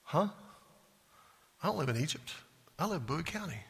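Male pastor, husky voice pitched a bit high, casual call-and-response sermon delivery. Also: sing-song, a little fast, fairly bright tone. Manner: conversational preaching with rhetorical questions. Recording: long reverb in a large hall.

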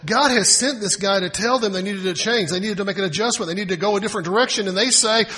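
A man's voice: sits high, fast, few pauses, sharp tone, husky. A man preaching a sermon from the United States, talking conversationally with rhetorical questions and acting out quoted voices. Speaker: pastor.

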